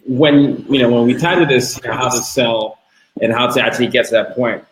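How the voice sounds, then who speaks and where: A man's voice: mid-range voice, fairly even intonation, fairly quick, echoey room, slight background noise, low-quality recording. A man hosting a podcast interview, enthusiastic, often repeating words as he restarts his sentences. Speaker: podcast host.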